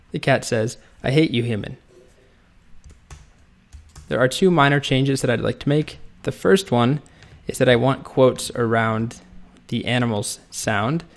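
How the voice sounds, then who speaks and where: A man's voice: medium pitch, unhurried, vocal fry. A man teaching a coding lesson, explaining step by step as he types. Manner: relaxed, explains step by step while typing. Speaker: coding instructor. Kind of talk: screen-recorded coding tutorial.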